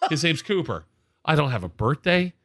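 A man's voice: a little high, very animated, normal speed. A man in his forties, a podcast co-host, chatting casually and telling rambling stories, often repeating himself. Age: 40s. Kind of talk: casual chat.

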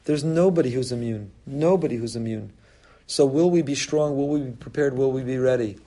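A rabbi delivers a sermon with quick, running speech and a warm, mellow voice. He talks earnestly and stacks up repeated phrases and rhetorical questions to drive each point home. His pitch sits in an ordinary middle range for a man.

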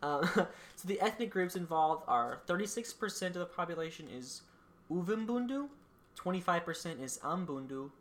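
A woman's voice: fairly low pitch, lively intonation, moderate pace. A woman co-hosting a casual podcast, reading out facts with dry jokes and frequent ums. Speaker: podcast co-host presenting country facts.

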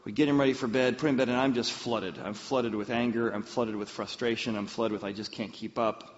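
A man preaching a sermon, telling a personal story in an animated way and acting out the voices he quotes. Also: mid-range voice, fairly quick. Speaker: pastor. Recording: muffled sound with long hall reverb.

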